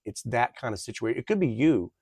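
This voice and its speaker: A man giving a casual tarot reading to camera, rambling and halting, full of fillers and self-corrections. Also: mid-range voice, expressive, gravelly, a little mellow, breathy edge, no room sound, clean studio sound. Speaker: tarot reader.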